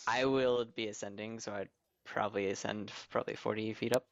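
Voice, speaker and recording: A gravelly man talks through his turn in a tabletop game. He rambles and mocks himself. His voice is bright, and the recording sounds dull and lo-fi. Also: on the low side, fairly even intonation, fairly quick, a little hiss or hum. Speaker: player. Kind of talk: casual tabletop game talk.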